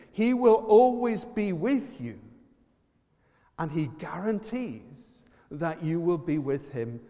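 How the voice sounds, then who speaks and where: A man with an Irish accent preaching a lively sermon, quizzing the congregation and using props. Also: high-pitched, in a large hall.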